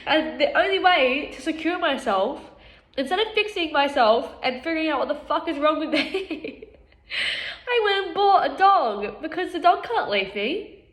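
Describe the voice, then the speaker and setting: A woman speaks to camera in a blunt, unguarded monologue about herself, swearing freely and laughing often. Her voice sits a little high. The room around her is noticeably echoey. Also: animated, normal speed, fairly bright tone. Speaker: vlogger. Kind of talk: candid self-reflective monologue.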